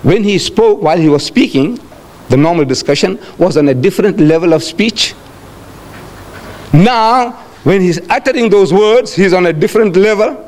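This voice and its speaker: A man giving a religious lecture to an audience, telling a story in a lively way, acting out quotes and asking rhetorical questions. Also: moderate pace. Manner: animated storytelling, acting out quotes with sharp pitch jumps.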